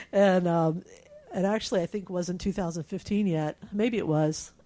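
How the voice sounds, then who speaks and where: Middle aged woman reading her own emails out loud and chatting openly, lowish warm voice, lots of ums. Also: a little slow. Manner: candid, with laughs and frequent fillers. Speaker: cancer patient sharing her story.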